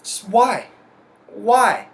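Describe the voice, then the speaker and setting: Speaking very slowly, a young man delivers an angry solo rant for his podcast, full of profanity and emphatic hammering of each point. His high voice is creaky, with lively intonation.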